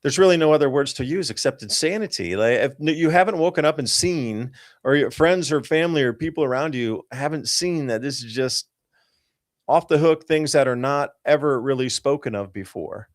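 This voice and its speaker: A man hosts a live podcast show and walks his listeners through forecast charts. His voice sits at an ordinary middle pitch, and his delivery is urgent and emphatic. He rambles loosely and often restarts his sentences. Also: animated, normal speed. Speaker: podcast host. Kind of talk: live-show commentary over weather charts.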